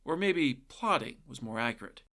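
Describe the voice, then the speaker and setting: A man's voice: medium pitch, expressive, moderate pace, bright, forceful tone. A man retelling a folktale as a podcast host, irreverent and sarcastic, often swearing and adding asides. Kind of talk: comedic narration of folktales.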